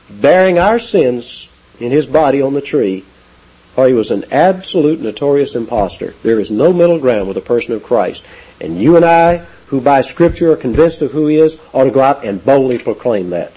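A man preaching a sermon with emphatic delivery, rising high on key words. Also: dark tone, slightly rough. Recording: dull lo-fi sound.

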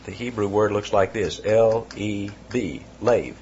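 A man's voice: fairly low pitch, measured pace, darkish tone, dull audio, slight background noise. A man preaching an expository sermon, teaching verse by verse with emphatic repetitions.

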